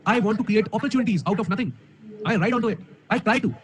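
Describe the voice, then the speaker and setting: A man's voice: high voice, very fast. A man with an Indian English accent, an online coding teacher speaking energetically to a live audience, full of emphatic rhetorical questions. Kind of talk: live-stream talk to an audience. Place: room alone. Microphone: camera mic.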